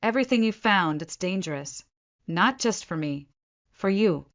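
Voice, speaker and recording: A woman voicing a manipulative middle-aged man who talks in a soft, deliberate way. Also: mid-range voice, expressive, dull audio, close to an everyday voice. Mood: urgent, deliberate.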